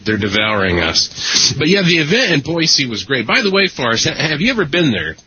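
A man's voice: fairly high pitch, very animated, brisk, sharp tone, slightly rough. A man hosting a casual talk show, rambling with fillers and self-deprecating humor. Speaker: podcast host. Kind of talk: casual chat. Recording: dull lo-fi recording.

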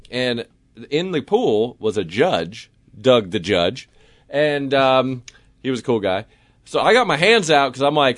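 Radio host, man, animated storyteller, dry booth sound. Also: a little slow, dry recording. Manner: lively storyteller, acts out voices with big pitch jumps.

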